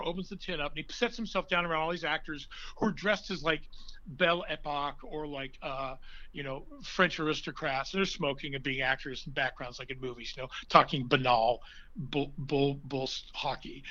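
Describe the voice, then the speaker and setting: A man, an actor, telling stories in an interview, animated, breaking now and then into loud put-on voices. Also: a little high, brisk, dull audio. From from an Irish blue-collar family. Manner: animated storyteller, bursts into loud character voices. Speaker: actor guest. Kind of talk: conversational interview storytelling.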